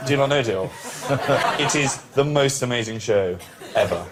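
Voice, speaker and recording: A man's voice: medium pitch, animated, unhurried. Playful panelist man, noisy TV clip. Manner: playful, laughing banter. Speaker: quiz show panelist. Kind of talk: comic panel banter.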